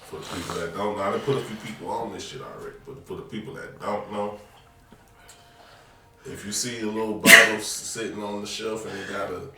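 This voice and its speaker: A man's voice: fairly low pitch, fairly quick. A man hosting a casual podcast, rambling and cursing in a loose, stop-start way. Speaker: podcast host. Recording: echoey room, distant mic, noisy.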